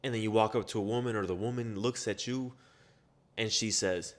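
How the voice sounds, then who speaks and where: Man, motivational speaker, blunt, swears freely, rapid rhetorical questions, lowish voice. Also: steady tone. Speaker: self-improvement speaker. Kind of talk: motivational monologue.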